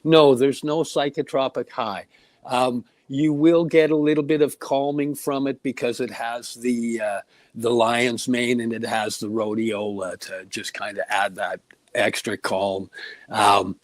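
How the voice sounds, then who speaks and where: A man's voice: mid-range voice, flat delivery, a little slow, dry recording. Earnest rambling man on a podcast. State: getting emotional. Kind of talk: casual podcast chat.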